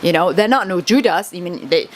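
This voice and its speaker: A woman's voice: on the low side, expressive, fairly quick. A woman whose first language is Kurdish, venting to camera in a rambling, agitated, swearing monologue that keeps circling back on itself.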